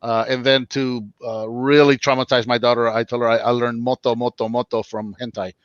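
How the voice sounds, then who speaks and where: A man's voice: medium pitch, little pitch movement, a little fast, smooth, no room sound. A man from Puerto Rico joins the chat over a video call and keeps jumping in with his own stories. His audio is dull and dry, with a muffled, lo-fi edge. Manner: chatty, interjecting. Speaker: guest. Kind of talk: casual chat.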